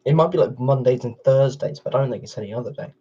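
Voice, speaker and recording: A man's voice: mid-range voice, fast, dark tone, slightly rough. Rambling man on a dull stream mic. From England. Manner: rambling, argumentative replies to chat. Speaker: livestreamer. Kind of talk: casual livestream chat while gaming.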